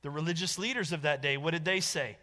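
A man preaching a sermon as a pastor, animated and conversational, acting out the voices he quotes. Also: on the high side, quick pace, long reverb tail.

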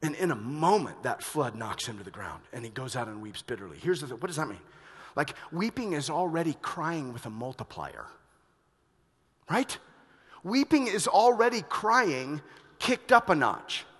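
A male pastor preaching a sermon, moving between hushed reflection and loud, urgent emphasis. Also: fairly high pitch, very animated, normal speed, breathy edge. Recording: long reverb of a large hall.

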